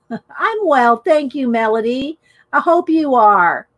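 A woman's voice: high voice, expressive, slow. A middle-aged woman hosting a casual live art stream, chatting and greeting viewers by name. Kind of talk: casual live-stream chat while coloring.

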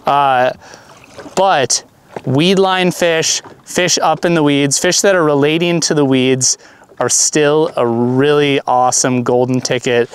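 A man's voice: medium pitch, slight background noise. Chatty man giving fishing tips outdoors. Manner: enthusiastic, loose, with many ums and uhs. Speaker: fishing vlogger. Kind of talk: casual instructional talk. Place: outdoors on a boat on a lake.

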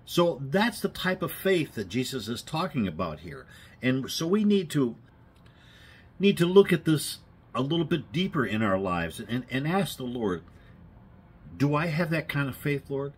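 A man's voice: mid-range voice, sing-song, normal speed, husky. A man preaching an informal sermon in a folksy, conversational way, asking his listeners for amens.

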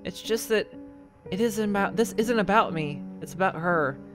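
A man's voice: sits high, moderate pace, over music, lightly acted. An actor playing a troubled male painter, apologizing earnestly to his wife in a game. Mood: apologetic. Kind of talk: game voice acting.

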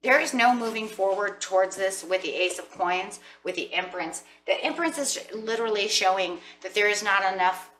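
A chatty woman gives a rambling tarot reading, her voice bright and a little low-pitched. She sounds set back from the mic in an echoey room. A faint hum sits behind her. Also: moderate pace, hardly any pauses, recorded from a distance. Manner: chatty, rambling, addresses viewers as guys. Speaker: tarot reader.

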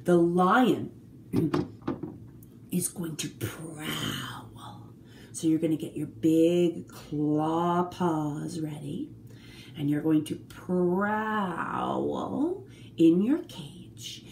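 Slow, animated woman music therapist. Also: low voice, vocal fry, slight background noise. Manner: slow, animated, sings short songs to a guitar. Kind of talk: children's music therapy session. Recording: roomy echo with faint guitar.

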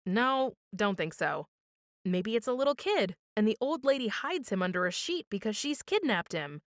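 A woman's voice: medium pitch, normal speed, dry recording, close to an everyday voice. Lady reading as a bold chatty kid, voice jumping all over, super eager, dry close sound. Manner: eager, excitable. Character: bold chatty young girl, curious and confident.

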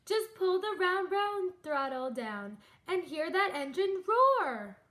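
A woman voicing a boastful, bouncy flea car dealer who whoops out his sales pitch. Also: very animated, slow pace, a bit bright, heavily acted.

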